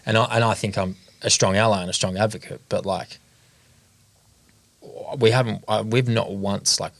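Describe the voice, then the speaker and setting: Brief: host, lowish, flat delivery, dry room, earnest chat. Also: male voice, vocal fry, dry recording. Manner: earnest, halting. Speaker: podcast host. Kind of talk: casual podcast conversation.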